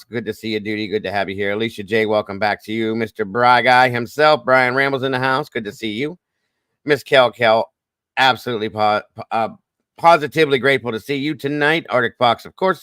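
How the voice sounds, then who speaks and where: A man hosting a livestream, rattling off quick, folksy greetings to viewers by name. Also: mid-range voice, a bit bright, clean tone, no echo, studio quality. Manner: fast, folksy greetings with Southern-style phrasing. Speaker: livestream host. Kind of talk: casual livestream shout-outs.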